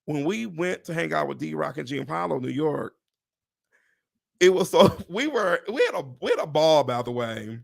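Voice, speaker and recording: A man in his forties hosts a casual live chat, swinging his voice high and low with a gravelly edge. He tells stories with big animated energy and leaps into squeaky voices to quote people. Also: moderate pace. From Pontiac, Michigan. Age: 40s. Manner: animated storyteller, jumps into high voices when quoting people. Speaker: host.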